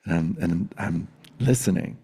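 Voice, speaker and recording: A man's voice: low voice, measured pace, warm tone, slightly rough. A man in his forties telling a personal story in a reflective, meditative way on a video call, often laughing. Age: 40s.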